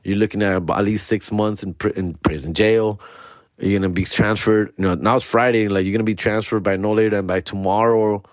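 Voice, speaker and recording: A man voicing a stern but sympathetic male jailer, blunt and matter-of-fact, a little lower than his own voice. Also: steady tone, brisk, no room sound, studio quality, lightly acted.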